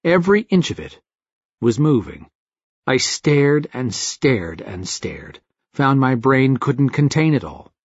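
A man narrating a first-person story in an expressive, wry way, with a husky voice. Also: medium pitch, slow pace, dry recording. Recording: dull dry lo-fi recording.

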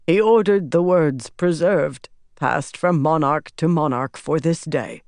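Brief: solemn prophet-like man, slow deliberate delivery, dry close sound, voiced by an audiobook reader. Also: medium pitch, darkish tone, no echo, natural voice.

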